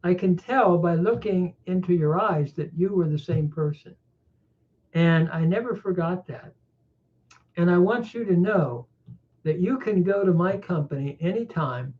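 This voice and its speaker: A man's voice: high voice, unhurried. A man voicing a kind, grateful wealthy woman who runs a company, in his own plain voice with earnest, simple phrasing. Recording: tinny phone-like sound.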